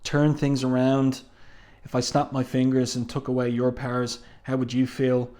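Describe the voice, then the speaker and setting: A man's voice: mid-range voice, completely flat delivery, moderate pace, mellow, natural voice. A man reading as a despairing male writer.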